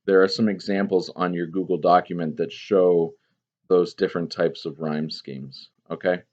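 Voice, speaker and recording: Male teacher, very low voice, reads poems aloud with lively emphasis; muffled lo-fi recording. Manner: chatty, expressive read-aloud with repetition. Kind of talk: classroom lesson with poem readings. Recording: dull lo-fi recording.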